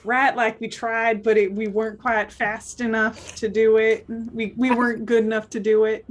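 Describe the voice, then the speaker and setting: A woman's voice: on the high side, little pitch movement, moderate pace. A woman playing a tabletop game, talking hesitantly in restarts. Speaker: player. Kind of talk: tabletop role-play chat.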